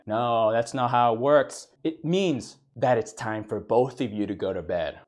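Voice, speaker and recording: A man's voice: mid-range voice, lively intonation, moderate pace, a little mellow. A man giving a comedic mock lecture, ranting in exasperation and stammering over repeated words. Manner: mock-serious professor persona.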